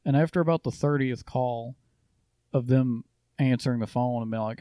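A man's voice: medium pitch, normal speed, mellow, clear, resonant tone, dry recording. A man co-hosting a podcast, telling stories in a dry, matter-of-fact way. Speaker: podcast co-host. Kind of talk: casual storytelling.

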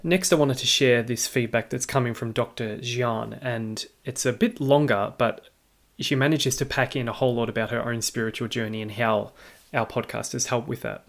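A man with an Australian accent, hosting a podcast, reading and answering listener feedback in a measured, explanatory way with occasional fillers. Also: medium pitch, fairly even intonation. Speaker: podcast host.

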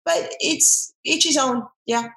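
A woman's voice: high voice, takes it slowly. Middle-aged woman telling stories in an echoey room. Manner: rambling, restarts often, animated storytelling. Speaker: guest, former dancer and army veteran. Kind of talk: casual interview chat.

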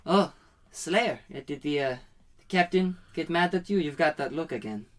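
A man voicing a caring female ship's cook who speaks gently. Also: fairly high pitch, moderate pace, voice pushed up, lightly acted. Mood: concerned.

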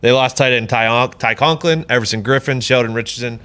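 On his sports betting podcast, a man jokes and swears while briskly running through the picks in casual chat. His medium-pitched voice sounds pushed and bright, with a clear, resonant tone.

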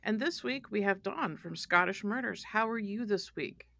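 Bright, gravelly-edged woman podcast host. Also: mid-range voice, lively intonation, moderate pace, dry recording, clean studio sound. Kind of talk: casual chat.

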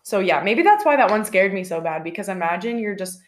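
A woman's voice: mid-range voice, lively intonation, a little fast. A young woman co-hosting a podcast, chatting casually and telling scary stories, with lots of fillers. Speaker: podcast co-host.

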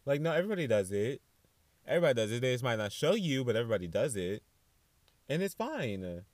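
A young man talks in a casual solo podcast, chatty and sassy, his voice swinging up into animated asides. His voice sits at an ordinary middle pitch. He is recorded close and dry, with no room sound. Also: fast, dry recording. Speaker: podcast host.

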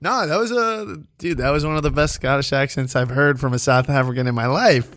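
A man's voice: mid-range voice, brisk, a bit bright, no echo, studio quality. A man hosting a podcast, joking loosely with plenty of fillers. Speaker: podcast host. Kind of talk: casual podcast chat.

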